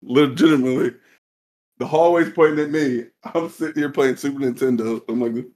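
Profane, animated male storyteller. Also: mid-range voice, a little fast, a little hiss or hum. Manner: profane, animated, acts out scenes. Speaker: podcast co-host. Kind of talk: casual storytelling.

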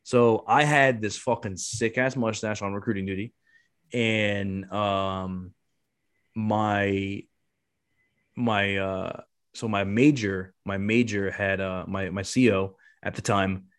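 A man's voice: lowish voice, steady tone. A man in his thirties telling a rambling, profane story in casual chat. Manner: fast, rambling, lots of swearing and restarts. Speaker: podcast guest telling a story.

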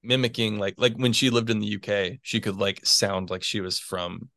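This interview guest, a physics PhD student in his twenties, has a lowish voice with vocal fry and a sharp tone, speaking at a moderate pace on a dry recording. His casual talk rambles, full of fillers and small chuckles between phrases.

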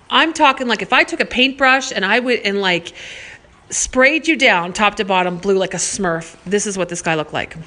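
A woman telling a personal anecdote in a casual, animated way, swearing freely and saying "like" a lot. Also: mid-range voice.

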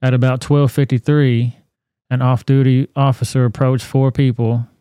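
A man hosting a podcast, commenting on a news video in a blunt, profane, animated rant. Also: medium pitch, moderate pace, clean tone, no room sound, studio quality. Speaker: podcast host.

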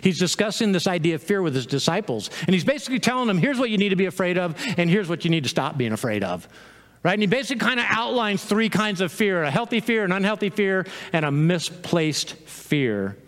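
A man preaching a sermon as pastor, animated, with laughs and quick quoted asides. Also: high-pitched, in a large hall.

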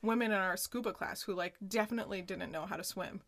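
A woman co-hosting a podcast, casually recapping a sitcom episode in an animated way, with lots of "like" and laughter. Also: medium pitch, fast talker, a little hiss or hum. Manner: animated retelling, full of "like" and laughter. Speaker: podcast co-host.

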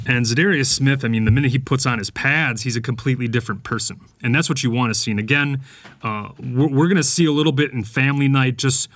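A man's voice: mid-range voice, fairly bright tone, dry recording. A man hosting a sports podcast, giving casual, opinionated commentary with lots of fillers and restarts. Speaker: podcast host.

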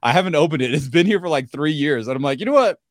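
A man's voice: fairly high pitch, quick pace, no echo, clean studio sound. A man co-hosting a podcast in casual chat, laid-back and laughing between phrases. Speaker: podcast co-host.

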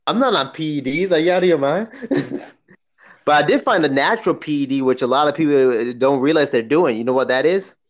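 A man's voice: on the high side, fairly quick. A man co-hosting a casual chat, telling stories with frequent laughter. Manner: laughing often, animated storytelling.

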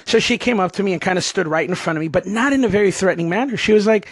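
Male podcast host, high voice, animated and chatty, laughs often, dry recording. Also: rapid-fire, slightly rough, dry recording. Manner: animated, chatty, laughs while telling stories. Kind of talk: casual storytelling chat.

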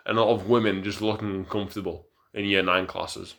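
Young man, somewhat low voice, tipsy, rambling podcast chat, stumbling restarts. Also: level tone, quick pace, creaky, a bit bright. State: tipsy from drinking. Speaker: podcast co-host. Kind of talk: casual chat.

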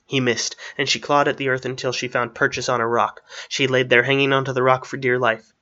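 A man narrating a fantasy story aloud in a steady storytelling manner. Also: mid-range voice, brisk, dull audio.

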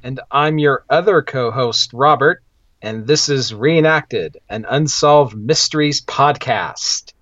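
Man podcast co-host, deadpan wry chatter, muffled lo-fi dry recording. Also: mid-range voice, takes it slowly, dry recording. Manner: dry, wry humor, with fillers. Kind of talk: casual podcast chat.

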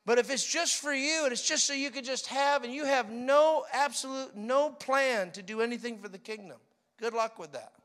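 Bright-voiced, animated male preacher. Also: extremely high pitch, normal speed. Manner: animated storytelling, mimics laughter. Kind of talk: sermon.

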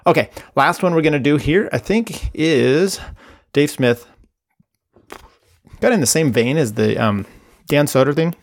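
A man's voice: on the high side, animated, a little slow, long pauses. A man hosting a podcast, talking loosely and rambling between played clips. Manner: rambling, loose, self-interrupting. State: briefly muted on a call. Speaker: podcast host. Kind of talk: casual commentary between clips.

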